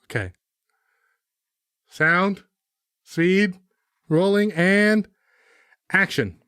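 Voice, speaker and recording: A man's voice: sits high, animated, extremely slow, sharp tone, smooth, no room sound, clean studio sound. A young man co-hosting a comedy podcast, acting out a bossy, exasperated film director with frequent laughter. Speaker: podcast co-host. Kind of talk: improvised comedy sketch, playing a film director.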